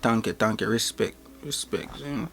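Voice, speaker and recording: A man's voice: on the low side, normal speed, vocal fry, faint music behind, pitched below the performer's own voice. A man putting on a flirty Jamaican-accented guy. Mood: laid-back flirty. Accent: Jamaican, put on. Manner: slangy, relaxed patois-style chatter.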